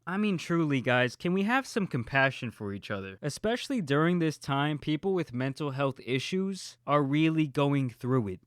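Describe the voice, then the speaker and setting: A man's voice: medium pitch, fairly bright tone, smooth, no echo, clean studio sound. A man hosting an online reaction video, talking casually and earnestly with lots of "kinda" and "uh" fillers. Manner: earnest, conversational, frequent "uh" and "kinda". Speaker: YouTube reaction host.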